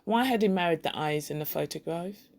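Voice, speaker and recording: A woman reading a classic short story aloud at a measured pace, stopping now and then to spell out and define a word. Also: fairly low pitch, gravelly. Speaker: story reader.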